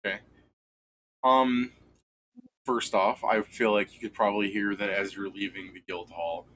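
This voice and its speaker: A man running a tabletop game as game master, narrating in a rambling, animated way with plenty of laughs. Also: fairly low pitch, unhurried, slight background noise, low-quality recording.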